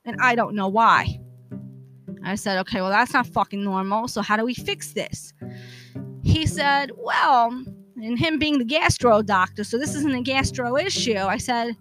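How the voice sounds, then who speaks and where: A woman's voice: high-pitched, a bit bright, rough recording. A woman hosting a podcast, telling a long personal story in a blunt, exasperated way and swearing freely. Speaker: podcast host. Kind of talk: casual profane storytelling monologue.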